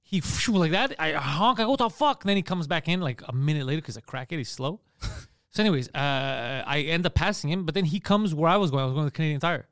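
A man hosting a comedy podcast, telling a story in an animated, profane way and acting out shouted arguments. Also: fairly high pitch, fast, dry recording, studio quality.

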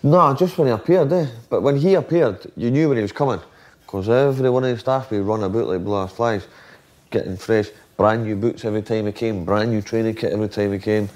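A man's voice: lowish voice, brisk, a little mellow, lo-fi sound. A Scottish man, a former footballer, telling rambling, profane dressing-room stories and acting out what others said. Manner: swearing, rambling anecdotes acting out quotes. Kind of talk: casual storytelling chat.

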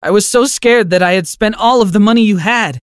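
A man's voice: high-pitched, fairly quick, clean tone, no room sound, studio quality, pitched above the performer's own voice, close to an everyday voice. Man doing a sobbing, pleading teenage boy. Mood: tearful, pleading. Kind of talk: storybook narration.

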